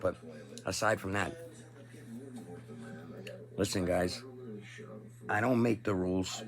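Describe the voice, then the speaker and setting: A man's voice: deep voice, fairly even intonation, slow pace, a crowd in the background. A man hosting his own channel, delivering a crude, combative, profane ranting monologue. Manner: crude, combative, lots of swearing. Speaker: channel host.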